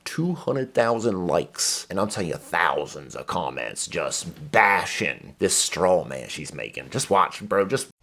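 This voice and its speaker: A man's voice: low voice, sing-song, measured pace, gravelly, hardly any pauses, fairly bright tone. A man hosting a reaction commentary, ranting in a profane, exasperated way. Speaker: commentary host. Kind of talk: heated reaction rant.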